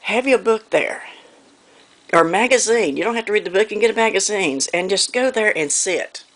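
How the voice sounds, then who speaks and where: Southern woman with a North Carolina accent, a quilting vlogger, folksy and rambling, with a gravelly edge. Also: medium pitch, lively intonation, normal speed, fairly bright tone. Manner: rambling and folksy, often trailing off with "okay, anyway". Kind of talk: casual chat to camera while hand quilting.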